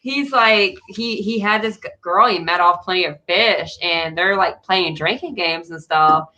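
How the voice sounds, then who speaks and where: Female podcast co-host, bright tone, animated anecdote teller who does quick voices. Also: on the low side. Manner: animated storyteller who acts out voices, laughing often. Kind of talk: casual chat.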